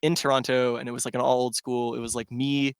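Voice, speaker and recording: A man, a DJ appearing as a podcast guest, talks fast in a level, medium-pitched voice while spinning a long, meandering story heavy on "like." His tone is clean, and the studio audio has no room sound.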